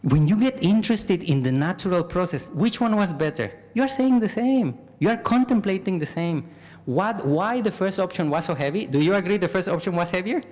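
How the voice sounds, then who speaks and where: Male monk, slightly high voice, engaging Dhamma talk that draws in the listeners, long hall reverb. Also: lively intonation, brisk. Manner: engaging, asks the audience questions, acts out example phrases; warm address, repeatedly says "my dear family". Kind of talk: dharma talk to a live audience. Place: large temple hall.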